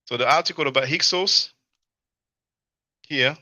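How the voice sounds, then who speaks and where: A man's voice: on the high side, a little slow, sharp tone, no echo, studio quality. A man hosting a casual livestream, laughing often and reading chat comments aloud to answer them. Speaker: livestream host. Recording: dull, lo-fi stream audio.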